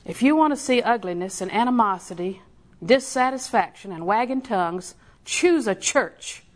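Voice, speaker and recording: An older woman preaching a sermon in a folksy, storytelling way, with slow emphatic repetition. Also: a little high, lively intonation.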